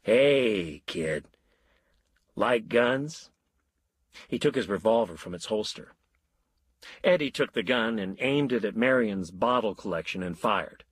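A man narrating a story in a wry, measured way. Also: on the low side, expressive, slightly rough, no room sound.

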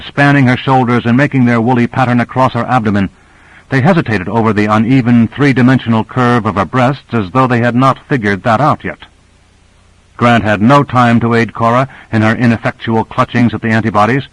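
A man reading a novel aloud in a measured, even narration. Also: mid-range voice, no room sound, poor audio. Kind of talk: scripted audiobook narration.

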